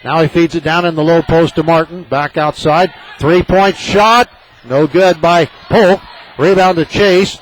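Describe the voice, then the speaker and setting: Excitable local basketball announcer, a man. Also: on the high side, moderate pace, a little hiss or hum, rough recording. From southern Illinois. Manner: partisan, excitable, rises sharply on big plays. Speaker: play-by-play announcer. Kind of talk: local radio basketball commentary.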